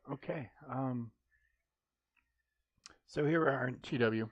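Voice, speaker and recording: A man's voice: medium pitch, takes it slowly, no room sound, muffled recording. A man streaming a mobile game live, chatting casually and joking, rambling with frequent ums and restarts.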